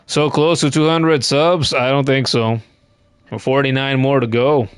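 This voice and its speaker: A man's voice: medium pitch, little pitch movement, measured pace, smooth, dry recording, clean studio sound. Wry man streaming a game. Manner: playful, wry, talks to chat; repeats words when starting a thought. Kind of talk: casual live-stream gaming commentary.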